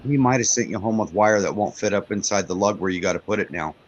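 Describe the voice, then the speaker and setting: A man's voice: fairly low pitch, fast, highs cut off. A man in casual chat, explaining wiring matter-of-factly to a friend.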